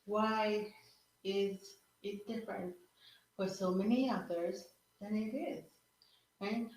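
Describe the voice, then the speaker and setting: A woman hosting a podcast, musing in casual solo talk and tagging her points with rhetorical questions. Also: mid-range voice. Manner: reflective, asks rhetorical questions with frequent "right?". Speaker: podcast host. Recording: very echoey room.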